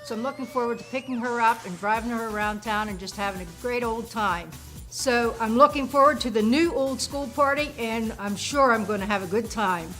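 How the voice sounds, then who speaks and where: A woman's voice: on the high side, a little fast, fairly bright tone, soft background music. An older woman, a grandmother who works as a personal driver and bodyguard, talking in a chatty, folksy way for a promo interview.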